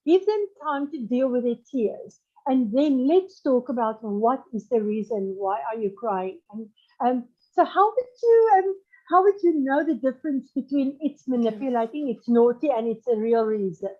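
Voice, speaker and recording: A woman hosting a talk show, asking her guest questions in a lively way. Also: fairly high pitch, moderate pace. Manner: animated questioner, mimics whining children. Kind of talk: interviewing a guest. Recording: dull lo-fi sound.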